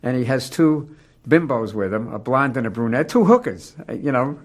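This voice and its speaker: Man telling a halting anecdote. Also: mid-range voice, animated. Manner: halting, stumbles over words. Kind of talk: anecdotal interview storytelling.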